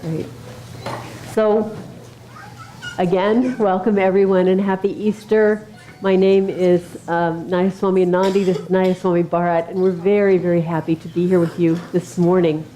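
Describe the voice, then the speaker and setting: A woman minister with a warm, mellow voice leads a service. She welcomes everyone and then reads scripture in a calm, measured and formal way. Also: lowish voice, a little hiss or hum.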